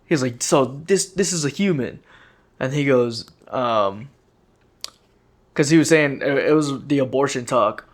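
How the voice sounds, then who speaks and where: Young man, mid-pitched voice, easygoing podcast chat, loose retelling. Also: measured pace. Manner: relaxed, loose retelling with fillers and laughs. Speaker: podcast co-host. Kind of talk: casual chat.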